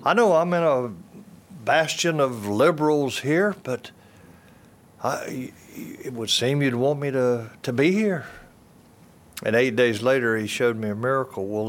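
A man's voice: medium pitch, measured pace. Older man giving earnest testimony. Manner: earnest storytelling with repeated phrases and restarts. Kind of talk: personal testimony talk.

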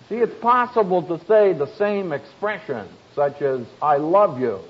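A man speaking to an audience as a family counselor, telling stories in a slow, emphatic way with dry humor. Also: high-pitched, slightly rough. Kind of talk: speech to an audience. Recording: dull lo-fi recording.

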